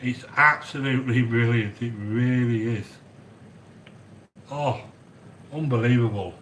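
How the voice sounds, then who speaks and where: A man hosting a chatty cooking stream from a home kitchen, rambling excitedly and answering viewers by name. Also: mid-range voice, a little slow. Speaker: cooking video host. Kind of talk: chatty cooking livestream monologue. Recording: echoey room with faint background noise.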